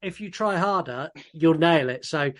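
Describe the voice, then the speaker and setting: A podcast co-host with a slightly high, somewhat bright voice talks at a normal pace. He laughs easily, restarts his sentences often, and reads out messages from listeners on this casual show.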